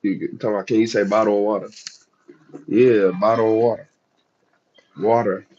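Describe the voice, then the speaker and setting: A man's voice: fairly low pitch, flat delivery, normal speed, a little mellow, highs cut off, slight background noise. A man with a Southern US accent who grew up in the United States, talking casually and chattily to his chat as a livestream host. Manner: chatty, laid-back, talks straight to chat.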